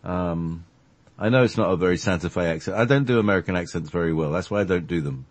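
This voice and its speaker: A man's voice: sits low, fast, dry recording. A man telling a story in casual chat, with self-deprecating asides.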